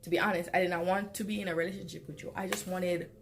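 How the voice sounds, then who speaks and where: A young woman telling a dating story in a blunt, profane vlog rant that keeps jumping to loud, exasperated outbursts. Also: fairly low pitch, fairly even intonation, racing, vocal fry, very noisy. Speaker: vlogger.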